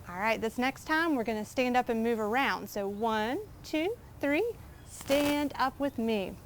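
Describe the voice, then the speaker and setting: A woman librarian leads a children's storytime in a high, unhurried voice. She speaks clearly and encouragingly, guiding the children through movement. A faint outdoor garden ambience sits behind her. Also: animated, a little hiss or hum.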